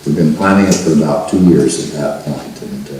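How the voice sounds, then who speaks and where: An older man telling a personal story to a seminar group, halting and restarting often. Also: extremely low pitch, darkish tone, slight background noise. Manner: halting, with frequent restarts and fillers. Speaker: seminar speaker. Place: meeting room at a spiritual center. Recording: roomy archival recording from far off.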